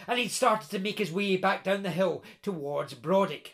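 Male storyteller, animated, high-pitched voice, stammers for effect. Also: normal speed, gravelly. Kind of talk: oral storytelling to listeners.

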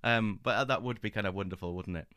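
Man, podcast co-host, low pitch, eager rambling chat, dry sound. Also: quick pace, pushed and bright, clean tone, no room sound. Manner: enthusiastic, rambling with many fillers and restarts. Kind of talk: casual book-club chat.

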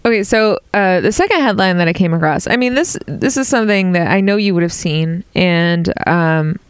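A woman's voice: lowish voice, lively intonation, moderate pace, smooth. A woman co-hosting a casual comedy chat, blunt and exasperated, laughing often as she reads out headlines. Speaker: podcast co-host.

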